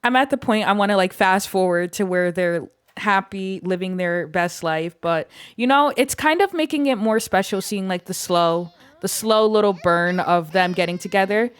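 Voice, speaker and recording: A woman's voice: medium pitch, normal speed, clean tone, dry recording, studio quality. A young woman giving casual gameplay commentary, chatting in a filler-heavy way and voicing what the game characters might be thinking. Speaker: gaming YouTuber.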